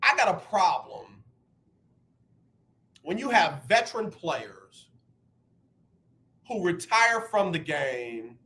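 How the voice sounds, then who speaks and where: Fired-up bright-voiced man hosting sports radio. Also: high-pitched, very animated, slow, long pauses. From United States. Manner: emphatic, repeats words when fired up. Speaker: radio show host. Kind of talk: sports talk radio commentary.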